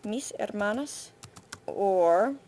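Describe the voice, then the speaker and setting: Slow, patient woman teacher giving feedback. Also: medium pitch, animated, background noise. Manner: patient, thinking aloud with frequent "uh". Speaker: Spanish teacher. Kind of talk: screencast feedback on a student essay. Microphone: computer mic for screen recording.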